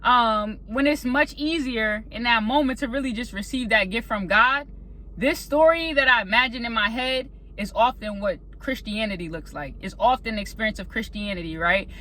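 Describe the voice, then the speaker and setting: A woman telling a casual, animated faith story as a vlogger, sometimes acting out panicked voices. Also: a little high, normal speed. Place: indoors at a laptop.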